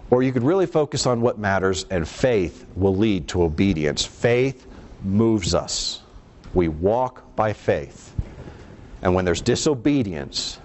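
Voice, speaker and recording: A man preaching a sermon, emphatic, shifting between quiet low passages and raised lines and asking the congregation rhetorical questions.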